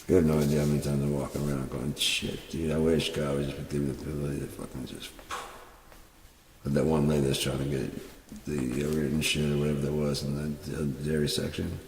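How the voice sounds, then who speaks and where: A man rambling and swearing in a casual monologue while high on cannabis. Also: little pitch movement, brisk, darkish tone. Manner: rambling, profane, drawling. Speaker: vlogger. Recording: echoey room, mic far off, faint hiss.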